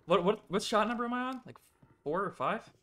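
A young man streaming a game, chatting casually and excitably with his co-host, laughing and swearing often. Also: high voice, brisk. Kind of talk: casual gaming livestream chat.

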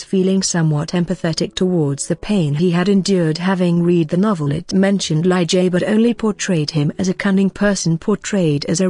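A computer-like narrator reading a fantasy romance story recap in an even, measured way. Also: medium pitch, no echo.

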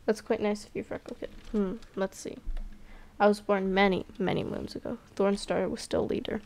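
A woman voicing a gentle old female elder cat in a storybook game, speaking softly and slowly. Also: medium pitch, little pitch movement, natural voice. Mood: kindly. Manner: soft-spoken, slow storyteller.

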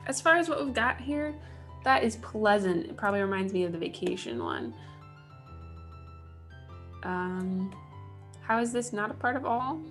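A woman's voice: mid-range voice, expressive, measured pace, pauses often, soft background music. A woman, likely in her thirties, giving casual let's play commentary, talking to herself with wry asides as she builds. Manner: chatty, wry self-talk while building. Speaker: gaming channel host.

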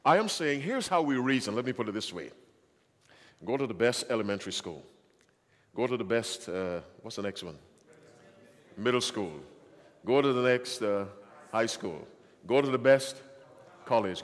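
A man's voice: medium pitch, big-room sound. A man preaching a sermon in an emphatic way, often asking the audience questions. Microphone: handheld or stand microphone.

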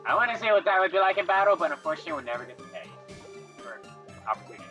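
A woman's voice: on the low side, very animated, very fast, a bit bright, faint music behind. A woman casually commenting on a video game as she plays, rambling and chatty. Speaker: let's play commentator.

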